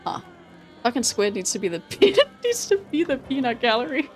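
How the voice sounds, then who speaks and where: A woman streaming a game, talking casually, excitable, swearing freely and laughing often. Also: on the high side, fairly quick, faint music behind. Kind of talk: casual gameplay commentary.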